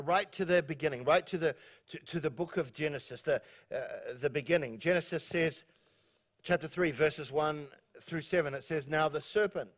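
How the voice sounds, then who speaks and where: A male pastor from New Zealand preaching a sermon in a joking, rambling way, laughing often and restarting his sentences. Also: on the high side.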